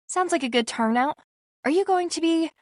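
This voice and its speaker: A woman's voice: extremely high pitch, lively intonation, normal speed, no room sound, clean studio sound, voice pushed up. A woman voicing a shy, anxious young woman with a lifted, girlish tone, in a storybook reading. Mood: lively.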